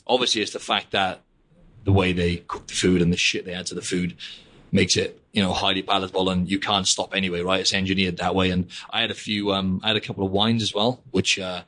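Young guy hosting a podcast, talks super fast, rambly and chatty, kinda low voice. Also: little pitch movement, pushed and bright. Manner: chatty, rambling, drops "mate" and "like" constantly. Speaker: podcast host. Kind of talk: casual podcast chat.

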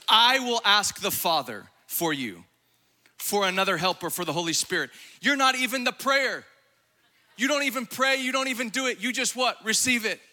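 Young guy preaching hard, high voice, super bright and sharp, shouts and laughs. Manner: fiery, exuberant, shouting and laughing at times; acts out quoted voices in his preaching. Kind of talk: sermon.

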